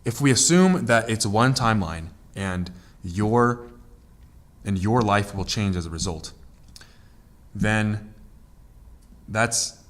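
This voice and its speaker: A man with a fairly low voice co-hosts a casual podcast chat. He explains at length, stumbling over restarts and repeated words as he works through an idea. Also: expressive, takes it slowly, pauses often. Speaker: podcast co-host.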